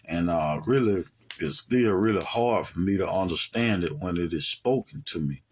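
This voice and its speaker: A man's voice: low-pitched, expressive, moderate pace, a little mellow, slight background noise. A man from Alabama with an Alabama accent, giving a heated monologue rebuttal as a religious teacher. He talks in a colloquial, combative way. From Alabama, USA. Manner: colloquial and combative, repeating "man" and "you see what I'm saying".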